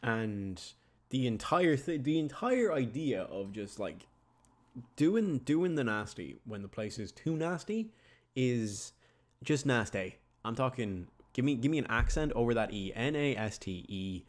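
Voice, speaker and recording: A man's voice: medium pitch, expressive, moderate pace. A man giving casual, rambling, jokey commentary while playing a video game. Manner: rambling, chatty, jokey asides. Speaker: gaming YouTuber.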